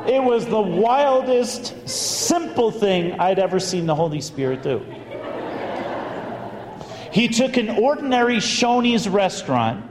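A priest giving a storytelling sermon, his voice sitting a touch high for a man. He talks in a lively, chatty way and hits some words hard. The sound rings around a big room, with a long trailing echo. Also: noisy background. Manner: animated, conversational storytelling with bursts of emphasis. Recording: echoey hall with long reverb.

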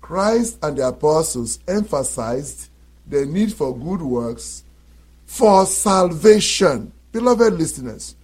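A man's voice: a little high, a little mellow, slightly rough. A male preacher delivering a sermon to his listeners, emphatic, repeating key phrases and asking rhetorical questions.

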